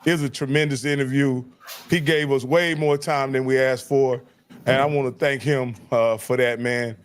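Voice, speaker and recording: A man's voice: medium pitch, steady tone, normal speed, clean tone. Playful joking male co-host. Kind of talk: casual sign-off banter.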